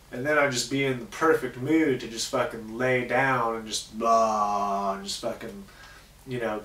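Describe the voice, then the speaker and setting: A man's voice: mid-range voice, bright, forceful tone, echoey room, recorded from a distance. A man hosting a comedy show, telling crude jokes in a casual, swearing monologue. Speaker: host.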